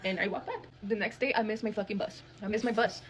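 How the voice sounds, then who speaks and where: Fast-talking foul-mouthed woman storyteller. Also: mid-range voice, steady tone. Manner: heavy cursing, blunt and dramatic retelling. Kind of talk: casual storytime monologue.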